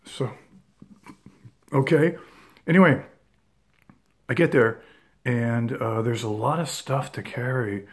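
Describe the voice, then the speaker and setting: A man's voice: medium pitch, takes it slowly, long pauses. A man in his fifties telling a rambling personal story with many fillers and restarts. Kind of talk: casual anecdote.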